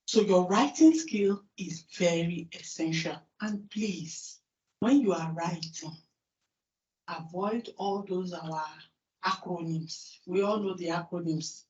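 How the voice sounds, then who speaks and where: Nigerian woman giving a lively conference talk. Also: on the low side, takes it slowly. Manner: lively, asks the audience questions and answers them herself. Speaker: conference speaker. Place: large conference hall. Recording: distant, roomy, dull hall recording.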